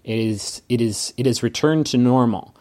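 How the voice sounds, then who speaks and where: A man narrating as a game master, setting scenes with unhurried description. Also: mid-range voice, a little mellow.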